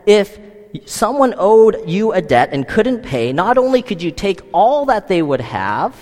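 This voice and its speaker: A man preaches a sermon in a high, bright voice that swings up and down. He keeps asking the listeners rhetorical questions. His voice rings out with a long echo in a hall. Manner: lively, asks the listeners many rhetorical questions. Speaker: pastor.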